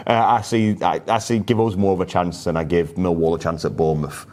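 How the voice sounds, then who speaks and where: A man's voice: low voice, level tone, fairly quick, a little mellow. A man co-hosting a casual football chat, chatty and self-mocking. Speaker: podcast co-host.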